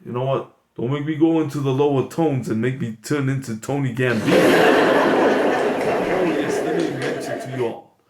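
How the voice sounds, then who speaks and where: A man voicing a gruff, low-voiced mobster-type man who is easily frustrated and blusters menacingly. It is a comedy bit. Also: moderate pace, natural voice. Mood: grumbling. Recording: echoey room, loud background noise.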